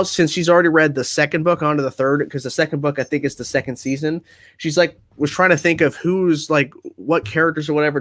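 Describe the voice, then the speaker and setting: Relaxed, chatty man hosting a livestream. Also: on the high side, dry recording. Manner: relaxed, chatty, reads viewer comments aloud and answers them. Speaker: livestream host. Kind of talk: casual livestream chat answering viewer comments. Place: at home.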